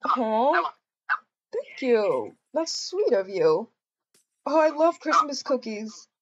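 A woman's voice: high voice, big pitch swings, slow, lo-fi sound, background noise. A woman improvising a game role-play, gushing and giddy, with many ums and hesitations.

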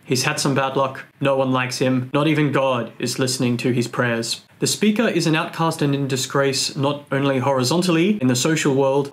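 An Australian man narrates a scripted lesson on poetry at a middling pitch. His delivery is clear and measured, with a dry, lightly joking tone. He sounds like a tutor walking students through a text. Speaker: English tutor explaining poetry.

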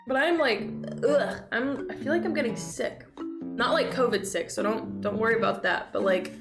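A young woman streaming a game, chatting with her viewers in an excitable, exclamatory way with lots of swearing. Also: a little high, reverberant. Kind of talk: casual live-stream gameplay commentary.

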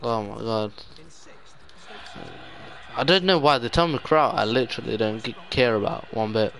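A man's voice: mid-range voice, normal speed, creaky, fairly bright tone. A young man giving live gameplay commentary, despairing and muttering with sudden outbursts. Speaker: gaming YouTuber.

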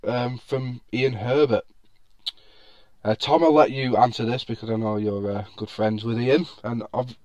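A man hosts a casual football podcast, chatty and quick to laugh, with plenty of ums along the way. His voice sits in the middle range. It sounds close and dry, with no room sound. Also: mid-range voice, dry recording. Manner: chatty, laughs often, many fillers. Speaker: podcast host.

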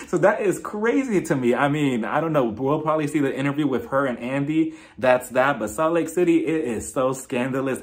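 A young man casually reviewing a reality show episode on his vlog, gossipy and quick to laugh, often slipping into impressions of the cast. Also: medium pitch. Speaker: TV recap reviewer.

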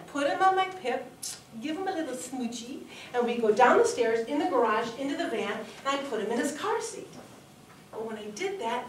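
Bright, high-voiced woman telling a funny story. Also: a little hiss or hum. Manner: animated storytelling. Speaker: contest speaker. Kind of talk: humorous speech. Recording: echoey hall, heard from far off.

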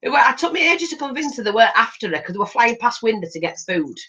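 Bright, lively older woman. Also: a little high, fast talker, poor audio. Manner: animated, acts out voices in anecdotes. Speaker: craft channel host. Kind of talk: chatty storytelling while crafting.

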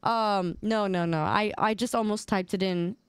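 A young adult woman streamer chatting casually on a live stream, playful and excitable, quick to laugh. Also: mid-range voice, clear, resonant tone, dry recording, studio quality. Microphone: desk microphone.

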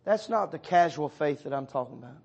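A man preaching in a church, his voice sitting high for a man. He moves between loud, pressing appeals and near-whispered lines, talking straight to people in the pews. Soft music hums faintly underneath. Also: lively intonation, a little fast, creaky, breathy edge, highs cut off. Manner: preaching with wide swings from loud urging to hushed tones; addresses listeners by name as brother and sister. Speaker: pastor. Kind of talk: sermon.

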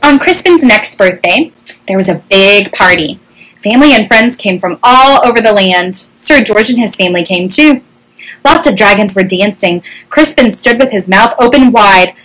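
A woman reading a children's story aloud with an animated, expressive delivery, recorded on a webcam. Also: medium pitch, moderate pace, poor audio.

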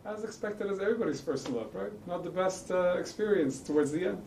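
Male mock therapist, calm coaxing patter, roomy off-mic sound. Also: high-pitched, brisk, gravelly, far from the mic. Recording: roomy, off-mic, faint noise.

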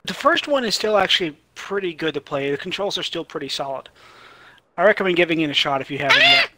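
A man teasing his friends and chatting quickly while streaming a game. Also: sits high, wildly swooping pitch, pushed and bright, no echo. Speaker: charity stream gamer. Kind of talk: casual gaming chat.

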